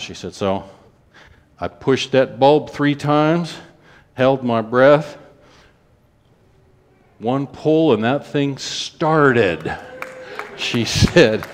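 A man, telling a testimony story in a sermon in a folksy way, rushing through some runs and slowing for emphasis. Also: mid-range voice, lively intonation.

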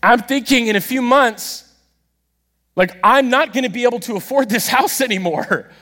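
A man preaching a sermon, telling a story with animated, self-deprecating humor and acting out the dialogue himself. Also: very high-pitched, moderate pace. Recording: long reverb of a large hall.

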